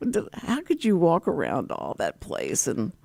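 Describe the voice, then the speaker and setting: An older woman with a drawl chats on her radio show, laughing easily as she tells stories. Her voice swings widely in pitch, animated and expressive. The studio sound is dry and close-miked. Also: a little slow, vocal fry, breathy edge, no echo. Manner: chatty, laughs often, animated storytelling. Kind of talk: casual chat.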